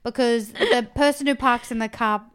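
Young Australian woman, podcast co-host, smooth, slightly high voice, rambling casual chat. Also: normal speed. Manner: rambling, chatty, trails off into soft asides.

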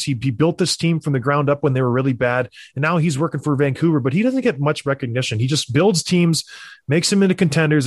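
A young adult man hosting a sports talk show, emphatic and animated, with mocking asides. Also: a little high, dry recording, studio quality. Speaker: sports podcast host. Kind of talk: opinionated hockey talk.

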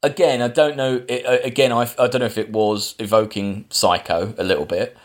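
A man's voice: mid-range voice, fairly even intonation, fairly quick. Man, podcast host, rambly casual film recap. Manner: rambling plot recap with fillers and restarts. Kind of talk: casual film review chat.

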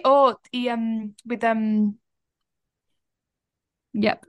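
A woman's voice: mid-range voice, moderate pace. A young woman co-hosting a podcast, chatting casually in a bubbly way and laughing often. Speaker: podcast co-host. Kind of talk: casual chat.

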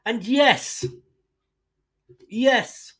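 A man's voice: extremely high pitch, extremely slow, a bit bright, rough recording. A man hosting a football fan podcast, delivering an indignant, sweary solo rant addressed straight at his club's owners.

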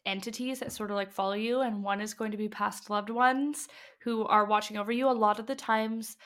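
A woman's voice: medium pitch, steady tone, a little fast, fairly bright tone. A young woman who works as a medium, chatting casually on a podcast and acting out the dialogue she quotes. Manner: chatty, lots of fillers, acts out quoted dialogue. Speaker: medium and past life regression guide.

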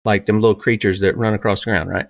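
A man's voice: lowish voice, level tone, fast, gravelly, dry recording. A man in his fifties with a Southern US accent hosting an opinionated talk radio show, asking rhetorical questions and pushing his voice up on key points. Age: 50s.

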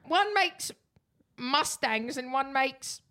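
A woman co-hosting a casual podcast, sarcastic and quick to argue. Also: sits high, expressive, pushed and bright. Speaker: podcast co-host.

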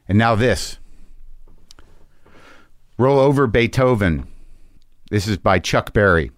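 A man's voice: on the low side, normal speed, pauses often, no echo, clean studio sound. A man hosting a podcast, speaking in a loose, rambling way with lots of fillers and restarts before reading poetry aloud. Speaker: podcast host. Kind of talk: casual monologue and poetry reading. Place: home garage studio.

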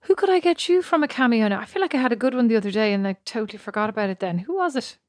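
A woman's voice: fairly high pitch, animated, very fast, no room sound, clean studio sound. A woman, chatting casually as podcast co-host, teasing and laughing often. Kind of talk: casual chat.

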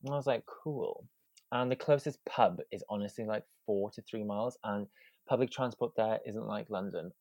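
A man's voice: fairly low pitch, fairly quick, darkish tone, no room sound. A young man, a podcast guest, telling a story animatedly and acting out the quotes with drama. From Wales. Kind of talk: casual storytelling.

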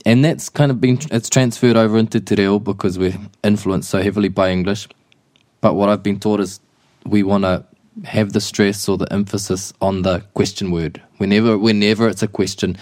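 A man with a New Zealand accent and a fairly low voice walks a learner through grammar, patient and repeating examples. The sound is dry and close, with little room around it. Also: a little mellow, no echo. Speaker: te reo Māori teacher. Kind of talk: casual language lesson.

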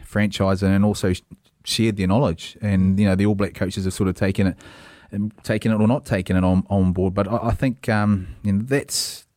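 A New man co-hosts a sports podcast from a studio. His voice is low, and he speaks hesitantly, full of fillers and restarts. The sound is close and dry. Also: steady tone, normal speed, a little mellow, dry recording. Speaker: podcast co-host. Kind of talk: casual sports chat.

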